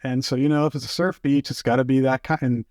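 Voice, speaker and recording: A man telling fishing stories as a podcast guest, in casual chat, animated and full of fillers. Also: mid-range voice, fast, no echo, studio quality. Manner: animated, acts out quotes, many fillers.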